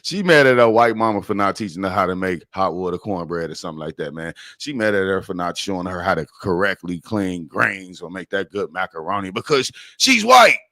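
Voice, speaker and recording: A man's voice: deep voice, lively intonation, brisk, hardly any pauses, sharp tone, no echo, clean studio sound. A man with a Chicago accent hosting a podcast, giving loose, profane, rambling news commentary. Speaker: podcast host.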